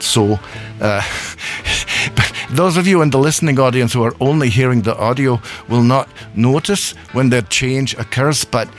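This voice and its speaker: Easygoing radio host, man from scotland, rambly and giggly, mid-pitched voice. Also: normal speed, faint music behind. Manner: rambling, chuckling, self-amused. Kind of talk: casual live radio chat. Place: radio studio.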